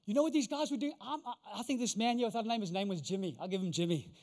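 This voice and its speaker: Male preacher, lively storytelling sermon, high pitch, long hall reverb. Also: racing. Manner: animated, conversational, acts out voices. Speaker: pastor.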